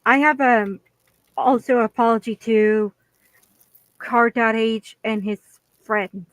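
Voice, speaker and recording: A woman speaking in a halting, hesitant way with many restarts, making an apology video. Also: a little high, steady tone, no echo, low-quality recording. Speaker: vlogger.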